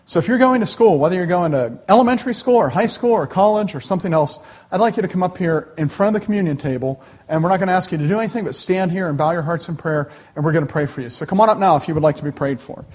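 A middle-aged man delivers a sermon from the front of a church sanctuary. His voice sits a little high and carries a husky, breathy edge. He talks in a folksy, animated way and drops easy jokes to the congregation. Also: quick pace, few pauses. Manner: folksy, animated, joking asides. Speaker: pastor. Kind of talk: conversational sermon.

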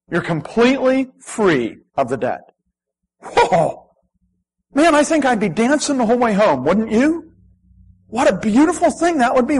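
Husky-voiced man preaching a sermon. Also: high voice, low-quality recording. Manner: animated preaching with dramatic scripture reading. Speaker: pastor.

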